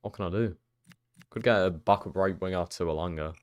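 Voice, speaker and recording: A young man with a low, deep voice commentates his own football game on a live stream. He chats loosely and swears often, then bursts into loud, excited shouts when something big happens on the pitch. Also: fairly quick.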